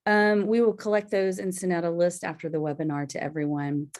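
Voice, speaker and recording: A woman's voice: fairly low pitch, flat delivery, fairly quick, a little mellow. A woman hosting a virtual book discussion over a video call, introducing guests with frequent ums. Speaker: webinar host. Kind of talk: moderating a virtual book talk.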